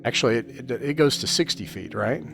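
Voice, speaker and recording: A man's voice: medium pitch, lively intonation, brisk, gravelly, music in the background. A man running an online tabletop game as game master, talking casually with many fillers and restarts. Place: home setup on an online call.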